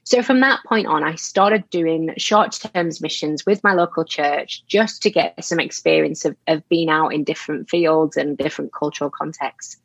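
A woman's voice: low-pitched, normal speed, gravelly, hardly any pauses, husky, no room sound, lo-fi sound. A woman from Yorkshire with a strong Yorkshire accent, a podcast guest telling her story in an earnest, self-deprecating way with frequent ums. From Yorkshire, England. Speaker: guest, author. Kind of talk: conversational storytelling.

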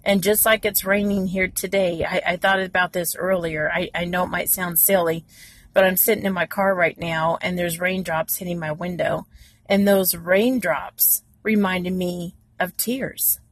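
A woman's voice: fairly low pitch, fairly even intonation, measured pace, no echo. A woman giving an earnest, encouraging devotional talk from inside her parked car, with many fillers. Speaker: devotional speaker.

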